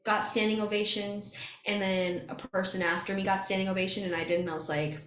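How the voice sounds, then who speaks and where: A young woman who competes as a singer is a guest on a podcast, talking fairly quickly in a mid-range voice. She tells stories with animation, acts out what people said and laughs a lot, all in a roomy, echoey recording.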